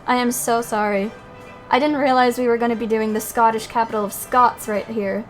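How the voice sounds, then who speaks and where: Young woman streamer, high voice, casual salty commentary, faint music behind. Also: fairly even intonation, moderate pace. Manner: swearing, amused asides. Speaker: game streamer.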